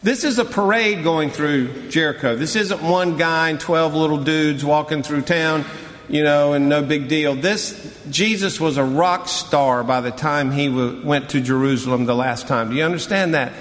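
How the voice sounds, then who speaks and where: A man delivers a sermon with dramatic swings from hushed, drawn-out phrases to loud, emphatic cries. His voice sits a little high for a man. A long hall reverb trails behind every line. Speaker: pastor.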